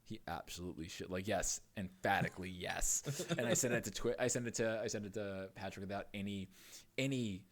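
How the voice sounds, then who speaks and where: A man as a podcast guest, telling funny stories in casual chat, animated and often laughing. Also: on the low side, a little fast. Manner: animated storytelling with laughs and swearing.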